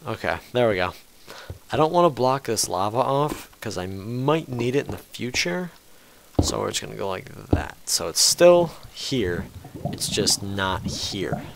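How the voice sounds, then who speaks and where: A man giving casual commentary over a game he is playing, jumpy and quick to swear and scold the game aloud. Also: fairly low pitch, very animated, creaky, background noise. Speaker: let's play host.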